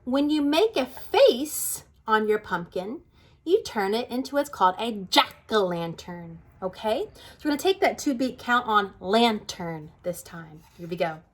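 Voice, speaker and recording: Slow children's songs and bright, sing-song talk fill a toddler music class led by a woman whose medium-pitched voice stays animated.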